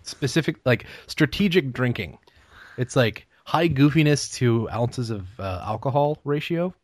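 A man's voice: mid-range voice, lively intonation, measured pace, dry recording. Laid-back laughing podcast co-host man. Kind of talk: casual podcast banter.

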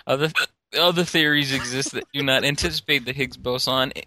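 A tipsy man talks loosely and swears freely while his hiccups keep breaking in. His voice is bright and forward. It sounds dry and close to the mic. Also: medium pitch, fairly even intonation, fairly quick, dry recording. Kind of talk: casual chat.

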